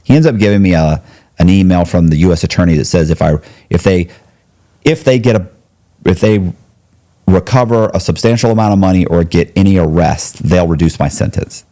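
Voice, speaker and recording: A man's voice: deep voice, a little fast, dark tone. A middle-aged man telling a long story as an interview guest, rambling and slangy, with frequent restarts and swearing.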